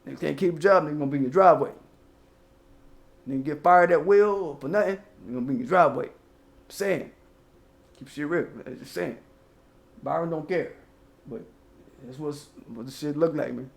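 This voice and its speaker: Guy ranting on his channel, high voice, cussing a lot, echoey room. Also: a little fast, vocal fry, pauses often. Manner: loose, profane, rapping along to old lyrics. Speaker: channel host. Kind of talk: casual commentary monologue.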